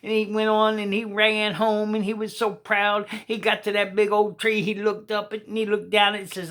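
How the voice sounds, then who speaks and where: A woman tells a children's story in a homespun, colloquial way and turns now and then to speak straight to the little listeners. Her voice sits at an ordinary middle pitch. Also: flat delivery, moderate pace, hardly any pauses, fairly bright tone.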